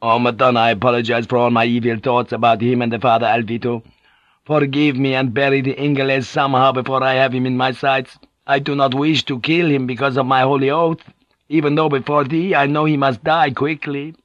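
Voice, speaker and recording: A man's voice: mid-range voice, little pitch movement, fairly quick, a bit bright, no echo, dull audio, lightly acted. A man reading an audiobook, voicing a bitter, fearful middle-aged ship pilot who broods and argues. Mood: brooding.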